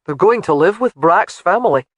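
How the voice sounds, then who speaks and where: A narrator voicing a stern Highland laird in an audiobook, terse and commanding. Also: male voice, expressive, moderate pace, no echo. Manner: terse, clipped. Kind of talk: audiobook character voice.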